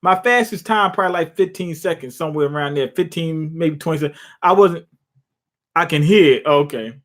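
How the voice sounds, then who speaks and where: A man's voice: on the high side, a little fast, a bit bright. A young man casually reacting to a comic chapter live, retelling scenes with swearing, jokes and laughter. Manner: loose, profane, jokey retelling with laughs. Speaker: manga reaction streamer.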